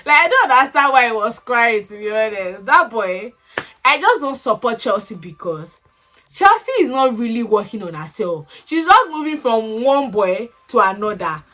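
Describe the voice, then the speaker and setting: A woman giving a casual, animated recap of a reality show, laughing and exclaiming as she talks. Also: on the high side, moderate pace. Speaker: reality TV commentator.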